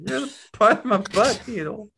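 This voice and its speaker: Taunting smug sewing needle, high and cocky, man doing it. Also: moderate pace, gravelly, a crowd in the background. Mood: gloating.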